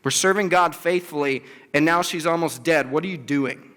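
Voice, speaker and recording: High-voiced man preaching casually. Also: normal speed, bright, forceful tone. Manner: conversational, acts out biblical quotes with emphasis. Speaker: campus ministry speaker. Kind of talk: casual sermon. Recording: long reverb of a large hall.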